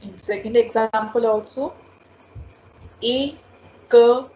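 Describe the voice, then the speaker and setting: A woman's voice: a little high, a little slow. A woman teaching a French lesson, patiently repeating each word and sound several times. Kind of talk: slow spoken language lesson. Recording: dull lo-fi audio with faint ambient noise.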